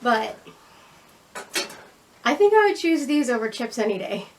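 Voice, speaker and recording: A woman's voice: on the high side, big pitch swings, unhurried, slight background noise. A woman casually chatting as she tastes homemade food, enthusiastic and sometimes talking with her mouth full. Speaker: vlog co-host. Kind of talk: casual food tasting chat. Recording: voice a little far from the mic.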